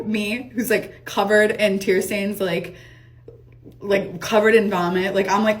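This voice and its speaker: With a medium-pitched voice, a young woman rattles through a storytime monologue. Her delivery is quick, casual, and lively, with frequent swearing and laughter.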